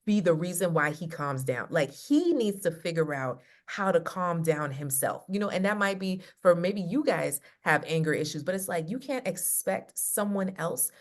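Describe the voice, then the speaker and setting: A woman's voice: lowish voice, normal speed, few pauses. A woman love coach talking casually over a video call, acting out quotes as she tells stories. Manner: animated storyteller acting out quotes. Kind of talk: casual chat.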